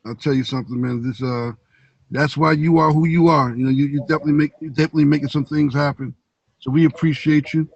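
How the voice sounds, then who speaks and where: A man hosting a training call, thanking the speaker in a halting, appreciative way. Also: a little high, fairly even intonation, darkish tone, dry recording, lo-fi sound. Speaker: host.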